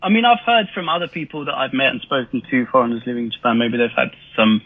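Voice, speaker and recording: A British man with a husky, medium-pitched voice talks fast as a manga artist guest on a podcast, heard over a tinny, phone-like remote call with no echo. His casual speech rambles and hesitates, full of fillers and restarts.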